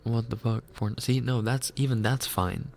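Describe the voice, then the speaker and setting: A man's voice: medium pitch, steady tone, normal speed, creaky, darkish tone, a little hiss or hum. A man hosting a livestream, chatting casually and reflectively while reading out chat messages. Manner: musing, self-reflective, reads chat aloud. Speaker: livestream host.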